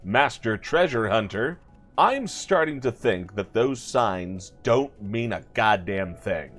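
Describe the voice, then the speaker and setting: A man's voice: on the low side, lively intonation, slow pace, fairly bright tone, soft background music. A man hosting a let's play video, commenting playfully and sarcastically with jokey asides. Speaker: gaming video host.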